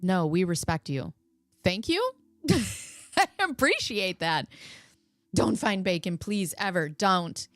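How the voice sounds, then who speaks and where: A woman's voice: lowish voice, sing-song, slow, long pauses, a bit bright, no echo, faint music behind. A woman hosting a casual livestream from America, chatty and joking as she reads out viewer comments. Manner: chatty, laughs often, jokey. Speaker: livestream host.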